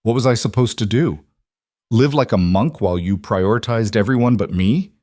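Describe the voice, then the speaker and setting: A man's voice: fairly low pitch, normal speed, a little mellow, dry recording, clean studio sound, natural voice. A man voicing a dismissive ex-husband who speaks in a curt, matter-of-fact way. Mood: cold.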